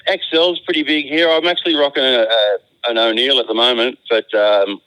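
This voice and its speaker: A man's voice: mid-range voice, steady tone, fairly quick, sharp tone, smooth, no room sound. An Australian man calling in as a guest, chatting casually and rambling with restarts and slang over a phone line. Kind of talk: casual chat.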